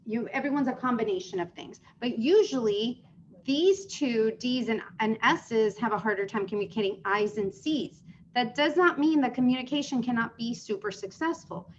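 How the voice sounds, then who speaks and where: A woman's voice: fairly high pitch, normal speed, slight background noise. A woman running a live sales training session, explaining with questions put to the group. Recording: dull lo-fi sound.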